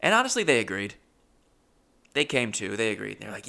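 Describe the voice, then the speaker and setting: Brief: young man, comic storyteller, self-mocking, frantic bursts, bright and gravelly. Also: on the low side, big pitch swings, quick pace. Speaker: comedian.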